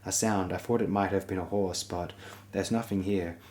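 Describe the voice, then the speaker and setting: A gruff young recruit who leads the group, read by a man in a fantasy audiobook, blunt and deep-voiced. It is an everyday reading rather than a character voice. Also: steady tone, moderate pace, a little mellow, close to an everyday voice.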